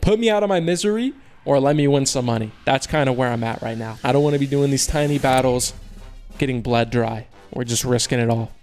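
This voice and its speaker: Soft music plays behind a young man giving quick, excited commentary as he opens online cases, addressing his viewers in slang. His mid-pitched voice flips between groans of frustration over losses and loud cheers over wins.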